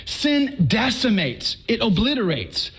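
A man from Texas tells his faith story to a listening crowd. His voice sits high for a man, and he talks in an animated, conversational way, often stumbling and restarting his words. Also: a little slow, husky, rough recording. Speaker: speaker giving a personal faith testimony. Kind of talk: storytelling talk to a live audience.

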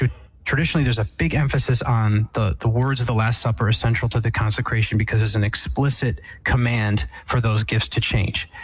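A man, a priest, answering a call-in question in a thoughtful, measured way with frequent fillers and restarts. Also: mid-range voice, slightly rough, no room sound, poor audio. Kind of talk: radio call-in explanation.

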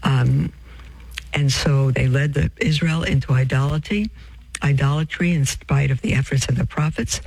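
A man's voice: medium pitch, steady tone, moderate pace, creaky, a little mellow, breathy edge, no room sound, low-quality recording. A man preaching, reading from a religious text and breaking off into asides to his listeners, whom he calls beloved. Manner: addresses listeners as beloved, reads with off-script asides and self-corrections.

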